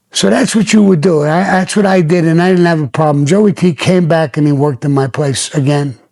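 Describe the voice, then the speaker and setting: A man's voice: a little high, brisk, gravelly, hardly any pauses, darkish tone. An older man telling his own stories on his podcast, blunt and plainspoken with plenty of profanity. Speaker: podcast host. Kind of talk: storytelling podcast.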